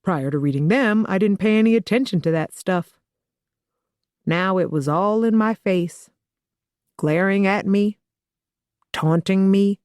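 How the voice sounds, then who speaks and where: Female audiobook narrator: first-person thriller, steady storytelling tone, dry booth sound. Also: medium pitch, measured pace, long pauses, no echo.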